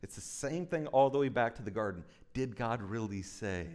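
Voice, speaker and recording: A man in his thirties preaching a sermon as pastor, moving between slow, soft emphasis and quick, chatty storytelling with frequent asides to the congregation. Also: mid-range voice, animated. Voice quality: conversational with frequent "right?" asides.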